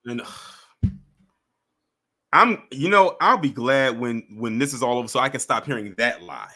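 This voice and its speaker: A man hosting a livestream, giving animated, mocking reaction commentary and chatting with his viewers. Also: mid-range voice, normal speed. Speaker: livestream host.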